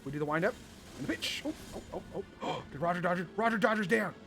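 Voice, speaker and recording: A man giving playful, excited commentary while playing a video game with his son, exclaiming often. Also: on the high side, fast, soft background music. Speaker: gaming video host.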